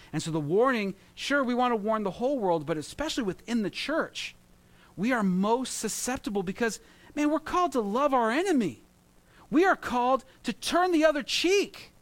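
A man in his thirties preaching a sermon, telling animated stories with jokes and mimicry. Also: high-pitched. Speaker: pastor.

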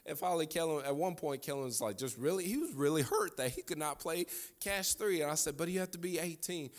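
Animated, higher-voiced man preaching. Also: brisk. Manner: animated, repeats lines for emphasis, chuckles through stories. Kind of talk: sermon with family storytelling.

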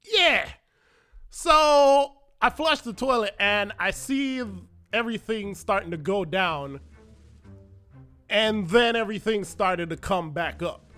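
Male podcast host, high bright voice, animated self-mocking storyteller, faint music underneath. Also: slow pace, smooth. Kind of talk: personal storytelling monologue. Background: faint background music.

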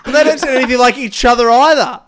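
A man with a slightly anglicised Australian accent, chatting on a podcast in an animated way and swearing heavily. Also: very high voice, fast talker, slight background noise. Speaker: podcast co-host. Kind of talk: casual podcast chat.

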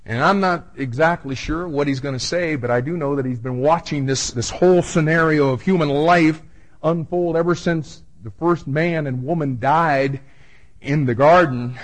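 Male pastor, slightly higher voice, conversational verse-by-verse sermon with restarts, booming scripture quotes. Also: normal speed, rough recording. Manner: conversational preaching with repeated restarts, booming when quoting scripture.

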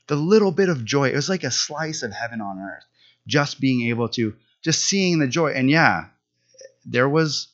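A man's voice: mid-range voice, fairly bright tone. Earnest man preaching, dull lo-fi sound. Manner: earnest, conversational storytelling. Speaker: pastor. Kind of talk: sermon.

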